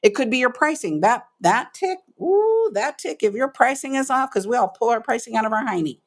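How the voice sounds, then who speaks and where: A middle-aged businesswoman who works as a coach tells her story as a guest on an interview podcast. Her voice sits a little high and moves briskly, and she speaks emphatically, acting out what people said like an animated storyteller.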